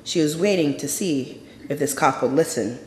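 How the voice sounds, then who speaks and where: A storyteller performing a true personal story live on stage, intense and measured, going hushed in the quiet moments. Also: mid-range voice. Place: stage in a large hall. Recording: roomy hall with long reverb.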